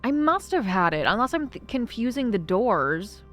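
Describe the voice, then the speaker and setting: A young woman streaming a game live, chatting casually and dramatically with her viewers, swinging from excitement to mock sadness. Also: a little high, moderate pace. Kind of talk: casual live-stream chat while gaming. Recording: faint music behind.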